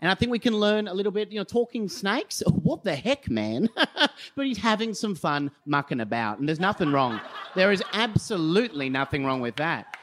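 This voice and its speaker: A man's voice: high voice, very animated, normal speed, a bit bright, a little hiss or hum. An Australian man giving a comic debate speech on stage, sounding sarcastic and self-mocking. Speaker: comedy debater. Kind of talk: live stand-up debate speech. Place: live comedy venue stage.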